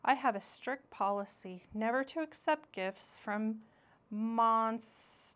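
A woman voicing a grumpy, stubborn male beaver who talks in a gruff, curt way. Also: fairly high pitch, takes it slowly, a bit bright. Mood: refusing.

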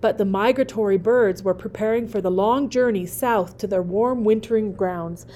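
A woman reading a children's novel aloud, narrating in a gentle, expressive way. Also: mid-range voice, moderate pace, a little hiss or hum.

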